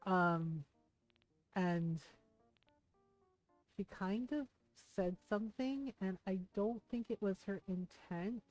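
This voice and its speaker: A woman's voice: medium pitch, mellow, no echo, low-quality recording. A middle-aged woman streaming and chatting, telling a personal story in a rambling, candid way with lots of fillers. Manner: rambling, many fillers and restarts. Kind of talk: casual chat while gaming. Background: faint game music.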